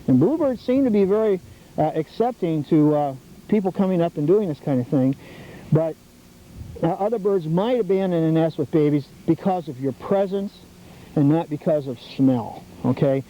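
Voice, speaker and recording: A middle-aged man hosting an outdoor nature show, coaching a group of scouts in a teacherly, enthusiastic way, recorded outdoors. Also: a little high. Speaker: TV host leading scouts on a nature walk. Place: outdoors at a birdhouse trail. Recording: dull 1990s public access TV audio with faint noise.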